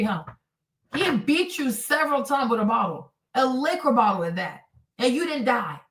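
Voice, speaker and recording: Recorded from a distance in an echoing room, this woman's high, slightly bright voice sounds off-mic. As a commentary streamer reacting to a news clip, she stays sarcastic and scornful, cursing openly and ridiculing the people involved by acting out their words.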